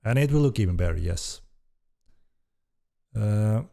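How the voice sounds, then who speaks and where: Gravelly low-voiced man streaming casually. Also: slow pace, long pauses. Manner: relaxed, hesitant with fillers, swears casually. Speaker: game developer streamer hosting Q&A. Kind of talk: casual live-stream Q&A, reading chat.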